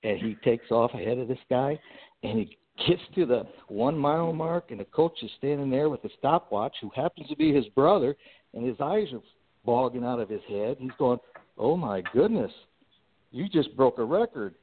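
A man, a guest on a podcast interview, telling a long personal story in an animated way, with fillers and restarts. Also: medium pitch, normal speed. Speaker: guest entrepreneur. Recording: tinny phone-like line.

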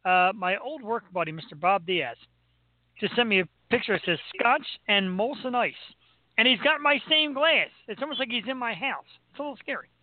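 A man's voice: sits high, expressive, fairly quick, no room sound. A man with a Philadelphia accent co-hosting a casual chat, joking and rambling. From Philadelphia area. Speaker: co-host. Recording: tinny phone-like call audio, dry.

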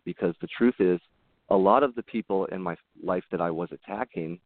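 A man's voice: low-pitched, no room sound. Man, podcast guest, rambling earnest storytelling, dry tinny phone-line sound. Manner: rambling, earnest, with frequent restarts. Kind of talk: casual interview storytelling.

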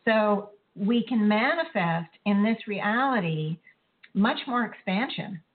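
Woman host, earnest spiritual monologue, meandering with self-corrections, middle pitch, phone-quality audio. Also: animated, slow pace. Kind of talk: spiritual talk show monologue. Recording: tinny phone-like line.

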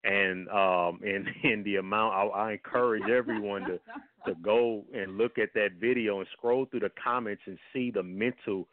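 A man's voice: fairly low pitch, steady tone, normal speed, crowd noise. A man speaking as a health guest on a radio talk show, blunt and heated in his manner. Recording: tinny phone line, dry.

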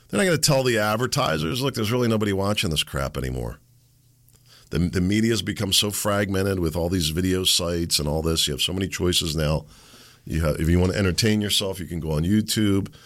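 Gravelly, low-voiced male talk host. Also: a bit bright, no echo. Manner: sarcastic, ranting, mocking. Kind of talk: political commentary monologue.

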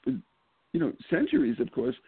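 A man's voice: sits high, wildly swooping pitch, fairly quick, gravelly, slightly rough, dry recording. A man guesting on an interview show, talking casually and animatedly, with frequent restarts and laughs. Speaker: political candidate guest. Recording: phone-like call audio.

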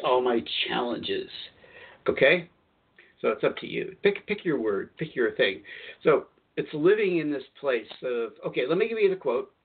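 A man's voice: mid-range voice, breathy edge. A man hosting a spiritual call-in radio show, talking in a rambling, chatty way and often correcting himself mid-sentence. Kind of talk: casual spiritual talk radio monologue. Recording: tinny phone-line sound.

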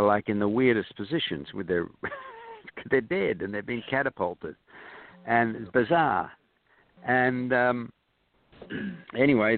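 Rambling man telling stories over a phone line. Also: lowish voice. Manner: rambling, hesitant, full of ums, chuckling. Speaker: film director guest. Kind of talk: anecdotal storytelling in an interview. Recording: tinny phone-line sound.

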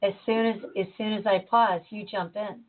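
A woman voicing an older Southern man doctor who speaks frankly in a slow, deliberate drawl, heard over a tinny phone-like line. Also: mid-range voice, fairly even intonation, close to an everyday voice. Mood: gently chiding.

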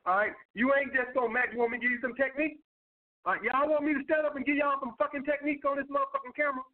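A man's voice: very high voice, fairly even intonation, rapid-fire. A man hosting a livestream, answering viewer questions in blunt, profane casual talk. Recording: tinny phone-like sound.

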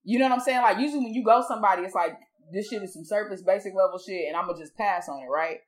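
A woman's voice: mid-range voice, fast talker. A woman co-hosting a casual talk show, speaking candidly and thoughtfully in loose slang. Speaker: podcast co-host. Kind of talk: casual chat.

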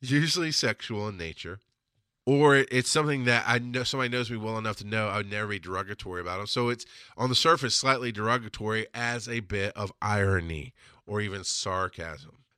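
A middle-aged man hosting a podcast in a bright, forceful voice, recorded close and dry with no room sound. He talks bluntly and profanely, rambling through restarts and chuckling at his own jokes. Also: fairly low pitch, brisk, smooth, dry recording. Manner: animated, laughs at own jokes. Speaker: podcast host. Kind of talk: casual podcast monologue.

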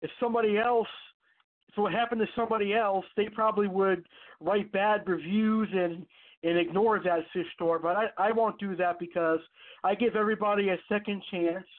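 A man's voice: high-pitched, fairly even intonation, moderate pace. A man hosting an online radio show, telling a personal story in a rambling, casual way with many fillers and restarts. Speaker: podcast host. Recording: tinny phone-line sound.

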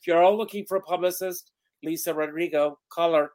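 A man's voice: a little high, fairly even intonation, fairly quick. Enthusiastic male interview host. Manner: warm, enthusiastic, affirming.

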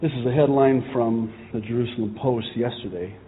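A man's voice: mid-range voice, steady tone, fairly quick, a little hiss or hum. Impassioned preacher man, tinny sound. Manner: impassioned, rising to shouting. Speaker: pastor. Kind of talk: sermon.

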